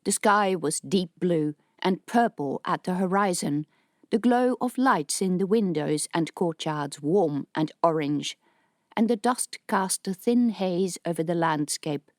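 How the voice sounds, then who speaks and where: A woman reads an audiobook in a steady, measured voice that sits fairly low. The scripted narration is recorded at studio quality with no echo.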